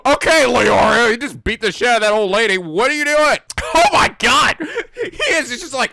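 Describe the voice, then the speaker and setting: High, lively male reaction host, bright voice, dry close mic. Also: moderate pace, gravelly, no echo. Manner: animated, laughs often, swears, exclaims. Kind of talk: casual reaction commentary.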